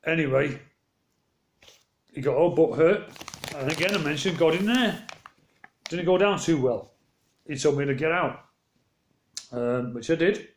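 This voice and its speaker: A man's voice: on the high side, measured pace, pauses often, roomy sound, a little hiss or hum. A man telling stories from his day in a casual, rambling vlog, acting out both sides of each exchange. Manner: rambling, animated retelling with quoted exchanges. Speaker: vlogger. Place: walking around outdoors.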